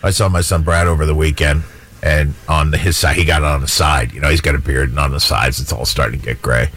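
A man's voice: rumbling low, steady tone, quick pace, fairly bright tone, breathy edge. An older man, a radio co-host, telling stories in casual chat.

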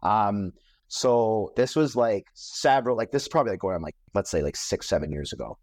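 A man's voice: lowish voice, animated, a little fast, darkish tone, dry recording. A Canadian man, a comedian guest on a podcast, telling stories in a rambling, profane, casual way, full of "like" and restarts. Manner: profane, rambling, heavy use of "like".

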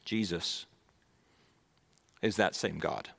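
A male pastor preaching a sermon, swinging between emphatic, raised lines and hushed, near-whispered ones. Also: deep voice, slow pace, creaky, long reverb tail.

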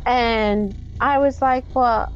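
A woman's voice: mid-range voice, fairly even intonation, measured pace, lo-fi sound. A middle-aged woman, a podcast guest, recounting a personal experience and acting out the voices of the people in it. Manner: vivid storyteller who acts out quoted voices. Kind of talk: personal storytelling in an interview.

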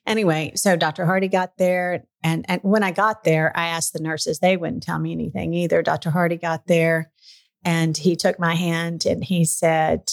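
This podcast guest, a middle-aged woman, speaks on the low side with little pitch movement, a moderate pace, and some creak. She's relaxed and open as she shares a personal story, now and then getting emotional.

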